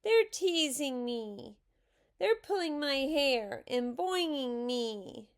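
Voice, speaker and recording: Prim tearful little girl, high and whining, as a woman reader puts her on in a storybook. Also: lively intonation, takes it slowly, heavily acted. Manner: whiny, pleading. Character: prim little girl with curls, upset and whiny.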